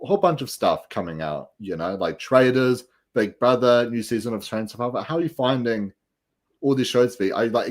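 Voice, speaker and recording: Upbeat rambling male podcast host. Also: fairly low pitch. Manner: upbeat, rambling with many fillers. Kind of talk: casual chat.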